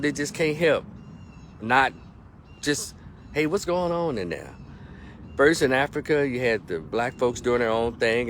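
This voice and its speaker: A middle-aged man talks outdoors about a film he just saw, jumping back and forth through the plot. His talk is loose, animated and salted with swearing, at an everyday pitch. Faint traffic hums behind him. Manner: rambling and animated, retells scenes with profanity. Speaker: movie reviewer. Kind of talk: casual movie review vlog.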